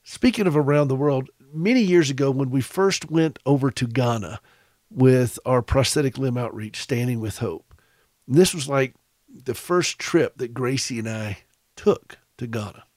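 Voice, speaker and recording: A man's voice: mid-range voice, unhurried, a little mellow, no echo. An American man hosting a radio talk show, telling a personal story in a chatty, self-deprecating way with restarts and chuckles. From United States. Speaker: radio host. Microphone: studio broadcast microphone.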